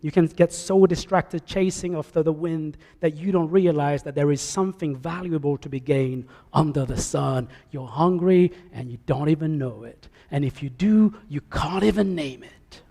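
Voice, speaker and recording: A male preacher with a high voice delivers a sermon, swinging between loud calls and quiet asides. His voice carries with a long echo through the church. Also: normal speed, creaky, hardly any pauses. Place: church sanctuary. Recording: echoey church hall.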